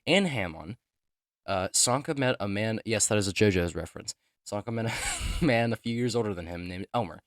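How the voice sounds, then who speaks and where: A young man reading his own character profiles aloud, rushing through them with joking asides and stumbles. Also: fairly low pitch, no echo, clean studio sound. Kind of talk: casual reading of written notes.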